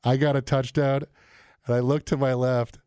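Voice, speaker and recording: A man's voice: medium pitch, normal speed, smooth, no room sound, studio quality. A man hosting a radio morning show, trading casual banter and telling stories with lots of laughter and voice mimicry. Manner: animated storyteller, laughs often, mimics voices.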